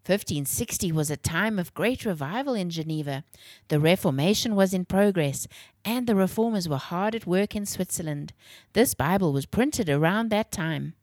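Clear, expressive woman storyteller. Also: fairly low pitch, normal speed, dry recording, studio quality. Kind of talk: children's story reading.

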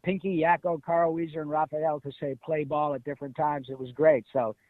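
Man, middle-aged, animated interview guest, slightly high pitch, dry tinny phone sound. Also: fairly quick, dry recording. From Detroit, USA. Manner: animated, emphatic storyteller. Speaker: guest voice actor. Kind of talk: casual interview.

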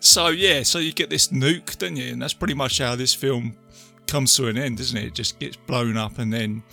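Guy chatting about a film, gravelly bright voice, keeps asking isn't it, faint music behind. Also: medium pitch, normal speed. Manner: tag questions, chatty and laughing. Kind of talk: casual chat.

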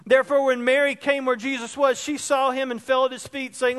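A man with a strikingly high voice delivers a sermon from the pulpit. He drops to hushed, tender tones and then climbs to ringing emphasis. His words trail off into the long echo of a church hall. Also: fairly quick, few pauses, smooth. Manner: expressive preaching that swings between soft and loud. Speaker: pastor. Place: church sanctuary.

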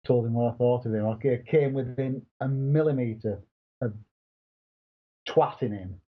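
A man's voice: medium pitch, unhurried, husky, narrow, tinny audio. A middle-aged man, co-hosting a podcast and telling stories bluntly with British slang. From England. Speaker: podcast co-host. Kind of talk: casual chat.

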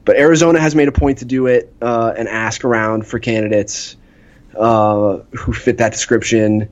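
A man's voice: mid-range voice, steady tone, moderate pace, highs cut off. A man co-hosting a podcast, chatting about baseball in an easygoing, hesitant way with many uhs. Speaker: podcast co-host. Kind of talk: casual baseball chat.

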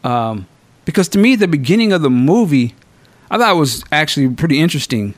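A man hosting a podcast, reviewing a film in casual, slangy, profane chat with animated storytelling. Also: on the high side, fairly quick, dry recording. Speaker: podcast host.

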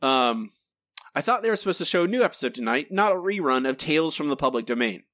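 Fast-talking male podcast reviewer. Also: on the high side, animated, a bit bright, dry recording. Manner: candid and critical, hesitant when unsure. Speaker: podcast co-host, episode reviewer. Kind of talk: casual chat, spoken review.

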